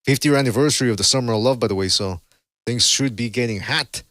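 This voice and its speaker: A man's voice: medium pitch, fast, a bit bright, dry recording. Male podcast host, casual and rambling, dry close sound. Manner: rambling, blunt and profane, with many fillers. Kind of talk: casual call-in show commentary.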